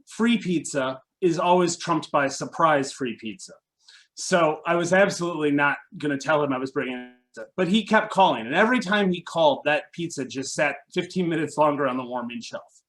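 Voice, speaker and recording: Guy telling a funny story live, kinda high voice, wry and lively, does everyone's lines. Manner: wry, animated, acts out the voices of others.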